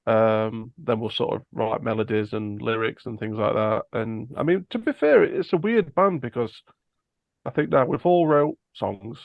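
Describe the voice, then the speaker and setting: Gravelly-voiced man in a band interview. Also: medium pitch, normal speed, no echo, dull audio. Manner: loose, rambling, dry sarcastic humor. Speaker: band member. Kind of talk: casual interview chat.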